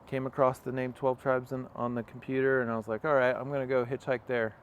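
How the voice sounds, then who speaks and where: A man's voice: medium pitch, level tone, fast talker, slight background noise. A young man, an interview guest, telling a long personal story in a casual, rambling way with many fillers and acted-out quotes. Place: outdoors on a farm.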